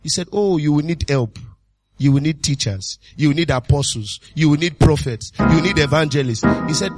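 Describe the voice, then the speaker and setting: An exuberant male pastor preaches with repeated calls and sudden bursts of shouting. His voice sits a little high for a man, and faint music plays behind him. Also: moderate pace. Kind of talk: sermon.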